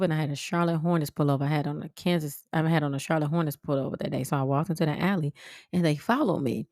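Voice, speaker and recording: A woman podcast host telling a personal story in a blunt, profane, animated way. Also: low-pitched, dry recording, clean studio sound. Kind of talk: casual storytelling monologue.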